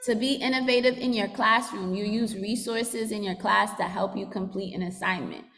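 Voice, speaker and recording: A woman's voice: medium pitch, fairly even intonation, normal speed, a bit bright. Brief: woman social worker addressing students, teacherly, in a reverberant large room. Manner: teacherly, asks class to repeat and write. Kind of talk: school assembly talk to students.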